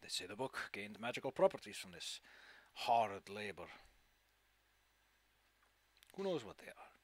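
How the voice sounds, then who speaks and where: A man's voice: lowish voice, sing-song, gravelly, no room sound, pitched below the performer's own voice, exaggerated voice. A man doing an aloof, cryptic quest-giver. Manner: slow, mysterious, dismissive.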